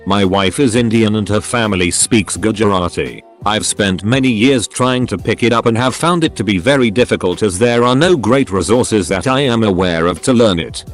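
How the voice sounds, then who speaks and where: A man narrating reader-submitted stories in a steady, even read-aloud manner. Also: fairly low pitch. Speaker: story narrator.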